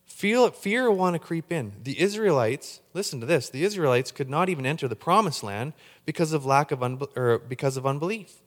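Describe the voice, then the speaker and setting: A man's voice: fairly high pitch, moderate pace, big-room sound. A man preaching a sermon, getting fired up and tripping over repeated words as he talks. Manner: excitable, gets hyped up when preaching. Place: church hall.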